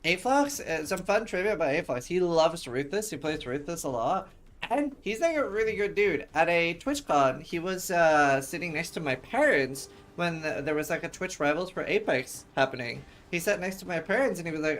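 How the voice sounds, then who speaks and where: A man's voice: on the high side, animated, fairly quick, a bit bright. A chatty man from Norway giving casual game commentary as a streamer co-caster, laughing often.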